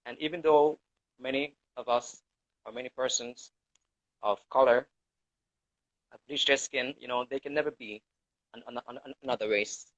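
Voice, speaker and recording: A man's voice: mid-range voice, fairly even intonation, normal speed, pauses often, a bit bright, no room sound. A man co-hosting a casual talk show discussion, speaking hesitantly with many fillers. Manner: hesitant, fills with "um" and "you know". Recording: dull lo-fi recording.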